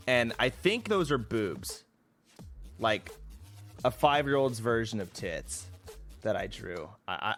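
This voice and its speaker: A man's voice: mid-range voice, a bit bright. A young man livestreaming from home, chatting casually and swearing freely, laughing at himself as he reads things aloud. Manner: loose, profane, laughs at himself. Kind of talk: casual stream chat. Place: home streaming room, indoors.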